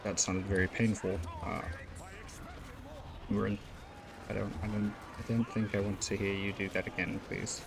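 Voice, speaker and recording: A man's voice: lowish voice, level tone, moderate pace, gravelly, pauses often. A man giving casual, rambling gameplay commentary as host of a gaming channel, full of fillers and the odd curse. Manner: rambling, lots of fillers, occasional swearing.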